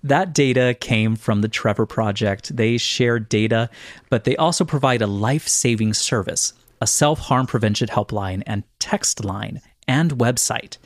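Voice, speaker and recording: A man co-hosting a podcast, chatty and quick to laugh, earnest when giving announcements. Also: medium pitch, dry recording, studio quality. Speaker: podcast co-host. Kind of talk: casual podcast chat.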